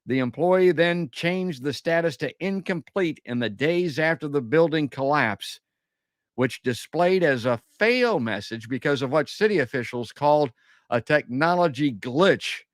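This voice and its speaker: A man's voice: fairly high pitch, animated, unhurried, no echo, clean studio sound. A man hosting a live call-in podcast, reading news items aloud and commenting on them in a chatty way, talking straight to his listeners. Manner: chatty, addresses listeners as folks, many uhs. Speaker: podcast host.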